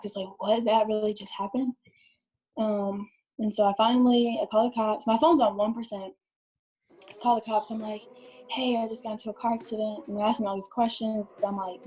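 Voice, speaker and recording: A woman's voice: medium pitch, darkish tone. A young woman, a podcast guest telling a story casually with many fillers.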